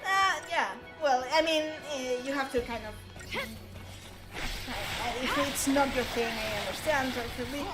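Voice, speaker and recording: A woman's voice: high voice, takes it slowly, loud music behind the voice, low-quality recording. A woman from Spain with a Spanish accent, chatting casually on a game stream and hunting for words with many fillers and restarts. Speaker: stream co-host.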